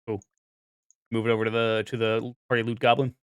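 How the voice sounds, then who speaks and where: A man's voice: mid-range voice, completely flat delivery, a little fast, clean tone, no room sound, studio quality. A young man narrating as game master, rambling with fillers and restarts.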